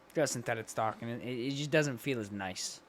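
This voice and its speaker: A man's voice: mid-range voice, fairly quick, slight background noise. A young man co-hosting a casual podcast, joking, swearing and laughing often. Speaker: podcast co-host. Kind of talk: casual chat.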